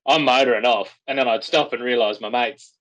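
Aussie bloke spinning a long yarn on a podcast, average pitch, keeps restarting. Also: male voice, fairly quick, low-quality recording. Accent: Australian. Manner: rambling, animated anecdote-telling with restarts. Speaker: podcast guest, hunter. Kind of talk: casual podcast storytelling.

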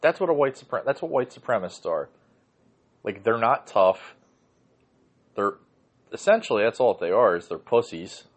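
A man hosts his own show in a loose, ranting monologue. His voice sits a little low. He swears freely and rambles, clearing his throat and leaning on fillers between points. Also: lively intonation, moderate pace, long pauses. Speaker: podcast host.

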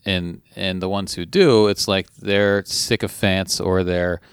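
A man's voice: deep voice, steady tone, slow pace, clean tone, dry recording, clean studio sound. A man in his forties in casual chat, cursing freely and animatedly retelling clips. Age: 40s.

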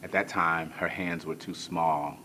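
A male pastor telling a comic personal story in a sermon, animated, moving from hushed to shouting, with colloquial asides to the crowd. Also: deep voice, unhurried, slight background noise.

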